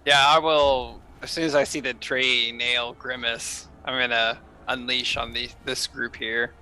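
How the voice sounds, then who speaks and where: A man's voice: mid-range voice, little pitch movement, measured pace, bright, forceful tone, slight background noise, rough recording. A man playing a tabletop game, eagerly laying out his attack plans. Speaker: player. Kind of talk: casual tabletop game chat.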